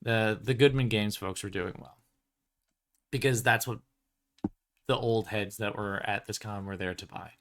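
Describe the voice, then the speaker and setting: A man's voice: lowish voice, steady tone, unhurried, long pauses, a bit bright, slight background noise. A man who publishes tabletop games, talking casually on his stream in a rambling way, full of "um" and "like" and laughing between thoughts. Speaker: tabletop game publisher and show host. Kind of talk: casual livestream chat.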